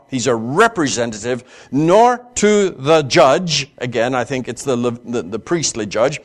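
A man giving a classroom Bible lecture, halting with fillers and restarts, reading scripture aloud slowly with emphasis. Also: mid-range voice, animated.

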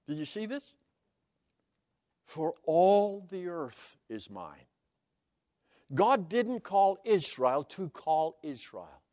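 A man's voice: high-pitched, darkish tone, dry recording, studio quality. A man preaching a sermon as Bible teaching, stressing key words emphatically and explaining Hebrew terms one by one.

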